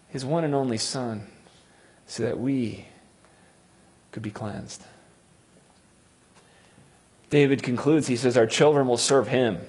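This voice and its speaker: A man preaching a sermon, quoting scripture with dramatic swings from loud cries to hushed tones. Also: mid-range voice, breathy edge.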